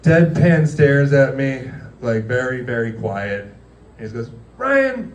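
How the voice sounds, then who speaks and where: A man's voice: mid-range voice, big pitch swings, measured pace, lo-fi sound. Man doing a loose, foul-mouthed roast in a restaurant room with a roomy echo. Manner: rambling, crude, laughs at his own jokes. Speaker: comedian roasting former coworkers. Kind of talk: stand-up roast.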